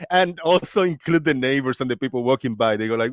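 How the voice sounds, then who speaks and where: A man hosting a casual voice-chat stream, talking loudly and laughing often, with plenty of swearing, close to his desk microphone. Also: medium pitch, wildly swooping pitch, moderate pace, dry recording. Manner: loud, laughing, profane. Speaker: stream host.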